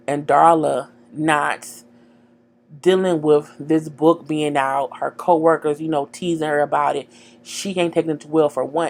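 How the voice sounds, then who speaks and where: A woman casually recapping a TV episode, slangy and animated, talking straight to her viewers. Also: low voice. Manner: animated, slangy, acts out dialogue, chats to viewers. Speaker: TV show recapper.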